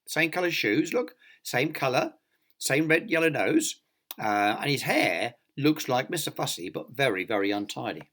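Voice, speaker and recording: A man's voice: medium pitch, very animated, normal speed, a bit bright. Man reading a storybook with a swooping voice. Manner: chatty asides to young listeners. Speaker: teacher. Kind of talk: reading a picture book aloud to children.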